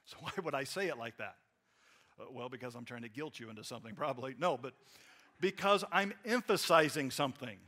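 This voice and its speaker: A man preaching a sermon in a conversational way, acting out little quotes and swinging between loud emphasis and quiet asides. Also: medium pitch, animated, a little fast. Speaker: pastor.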